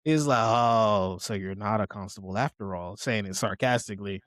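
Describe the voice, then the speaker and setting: Lively man retelling an episode. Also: fairly low pitch, normal speed, no echo. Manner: animated retelling, acting out characters' lines, profane slang. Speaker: podcast co-host. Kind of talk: casual anime recap chat.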